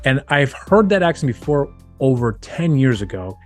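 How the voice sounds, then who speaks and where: A man's voice: medium pitch, big pitch swings, moderate pace, faint music behind. A man hosting his own channel, giving a casual, rambling film review with many restarts and fillers. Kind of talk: casual movie review monologue.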